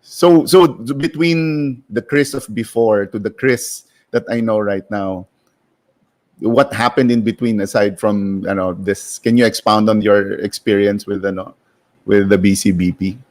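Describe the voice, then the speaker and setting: A man with a Filipino English accent hosting an interview, asking searching questions with halting starts and Tagalog fillers. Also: on the low side, fairly even intonation, darkish tone. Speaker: show host.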